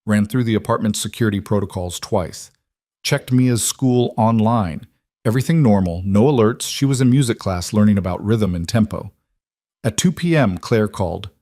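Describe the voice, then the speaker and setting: A man narrating a scripted drama story in a measured, terse way, recorded close on a studio mic. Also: lowish voice, mellow, no room sound.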